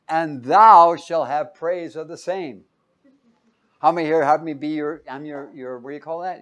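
Emphatic male preacher quizzing his flock. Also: on the high side. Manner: quizzing listeners with fill-in-the-blank questions; emphatic, loud when reading scripture aloud. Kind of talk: Bible-teaching sermon with call-and-response.

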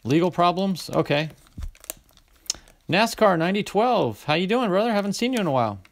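A man hosting a casual card-opening video, reading out player names in a chatty way, with sudden bursts of excitement. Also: high-pitched, moderate pace. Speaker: card-collecting channel host.

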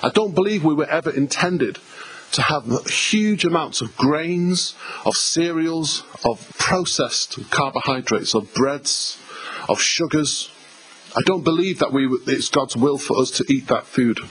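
English male pastor, conversational emphatic sermon with repetition, a touch high in pitch, light background noise. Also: unhurried, a bit bright, rough recording. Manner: emphatic, repetitive, conversational preaching with asides to the congregation. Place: church hall.

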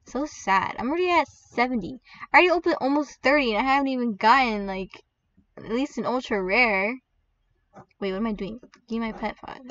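An excitable woman chatting over her gameplay in a slightly high voice, chatty and quick to squeal. Her voice comes through a dull, lo-fi mic set a bit back from her. The sound is dry, with no room around it. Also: dry recording, recorded from a distance. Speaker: gaming video creator. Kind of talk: gaming commentary.

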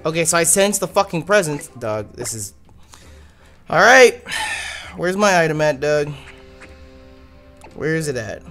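Give me a man commentating his gameplay in a lively, exasperated way, with faint background music. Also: a little high, unhurried, long pauses. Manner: animated, exasperated, swears freely. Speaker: let's play host.

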